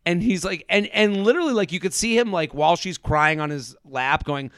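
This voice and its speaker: A man's voice: sits high, animated, normal speed, a bit bright, clean tone, no echo, clean studio sound. A man co-hosting a casual podcast, talking animatedly and acting out quotes in mimicking voices, with frequent laughs. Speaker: podcast co-host. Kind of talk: casual chat recapping a reality show.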